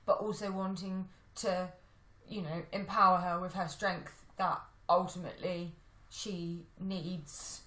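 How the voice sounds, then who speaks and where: Bright woman in echoey room. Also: lowish voice, flat delivery, slow. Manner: chatty, self-deprecating, thinks aloud. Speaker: podcast co-host. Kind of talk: casual film chat.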